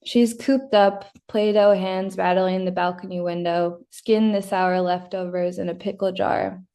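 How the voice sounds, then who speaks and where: A woman giving a measured, deliberate reading of her own first-person literary fiction. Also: medium pitch, gravelly, darkish tone. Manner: measured, deliberate reading with occasional slips and restarts. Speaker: prize-winning fiction writer reading her story.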